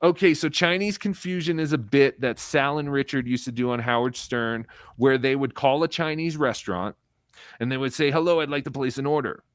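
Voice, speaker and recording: Male comedy guest, mid-pitched voice, loose and profane, storytelling. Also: moderate pace, no echo. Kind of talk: casual live-stream interview.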